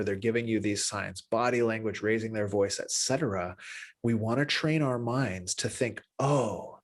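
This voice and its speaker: Animated man teaching an empathy class. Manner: animated, acts out little dialogues with pitch jumps; loose, restarting delivery with tags like "right?". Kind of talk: spoken class lecture.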